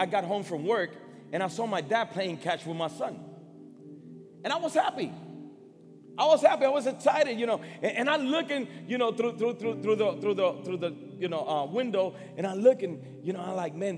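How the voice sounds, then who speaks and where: High-voiced man preaching in a hall. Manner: emotional, halting, repeats words, swings loud and soft. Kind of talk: sermon with personal story. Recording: long hall reverb, faint music.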